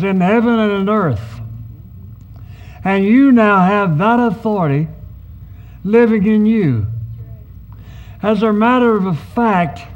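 A male pastor delivers a teaching sermon in a high, unhurried voice. He presses emphatic words and slips into quoted asides. The recording is somewhat dull and lo-fi.

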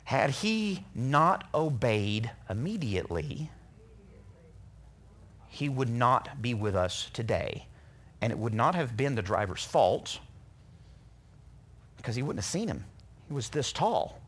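A middle-aged man preaches a sermon filled with personal stories, telling them earnestly and animatedly while acting out what people said. His husky, medium-pitched voice takes it slowly, with long pauses.

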